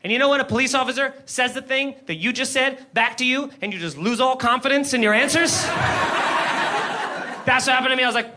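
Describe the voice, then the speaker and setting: High-voiced man doing stand-up. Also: noisy background. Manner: animated, acts out the cop and himself in quick impressions. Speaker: stand-up comedian. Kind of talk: stand-up storytelling. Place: comedy club stage before a live audience.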